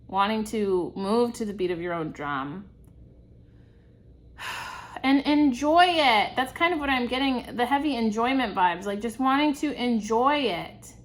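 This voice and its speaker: A woman's voice: on the high side, fairly bright tone. A young woman giving a casual tarot reading, chatty and reassuring, laughing often. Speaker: tarot reader.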